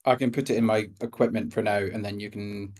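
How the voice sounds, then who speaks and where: A man playing a tabletop game, chatting casually and planning his moves out loud. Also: fairly low pitch, steady tone, a little fast. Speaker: player.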